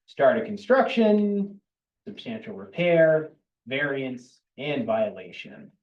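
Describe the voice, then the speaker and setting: At a town board meeting, a man with a medium-pitched voice lays out changes to regulations in a plain, matter-of-fact way, dropping in the occasional dry aside. The audio is muffled, with the roomy, distant sound typical of a public-meeting recording.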